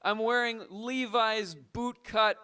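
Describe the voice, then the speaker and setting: A man's voice: high voice, steady tone, crowd noise. A man hosting a comedic call-in show as a blustering patriotic trucker who argues with callers. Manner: bombastic, blustering, quick to argue.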